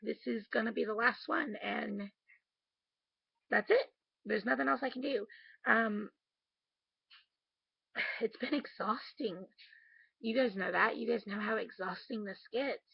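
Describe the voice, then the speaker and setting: A woman's voice: a little high, unhurried, gravelly, pauses often, slightly rough, dry recording, lo-fi sound. A woman talking in a casual video diary at home late at night, candid and emotional, swearing casually. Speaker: vlogger.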